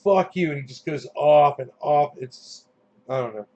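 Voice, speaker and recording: A man's voice: medium pitch, fairly even intonation, moderate pace, darkish tone. A man hosting his own channel, chatting loosely and swearing often, with plenty of fillers and restarts. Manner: loose, profane, full of fillers. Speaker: channel host. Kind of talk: casual rambling chat. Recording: dull lo-fi sound.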